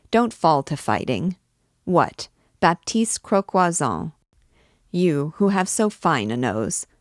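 A woman's voice: low-pitched, dry recording, studio quality. A woman reading as a swaggering drunk young student. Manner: swaggering, mock-grand declaiming. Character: rowdy boastful young male student, drunk.

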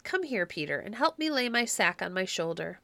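A woman's voice: mid-range voice, big pitch swings, moderate pace, creaky, bright, forceful tone, no room sound, heavily acted. Woman playing a self-satisfied village man, scolding, lecturing, foolish, dry close sound. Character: smug foolish male villager who lectures his neighbors.

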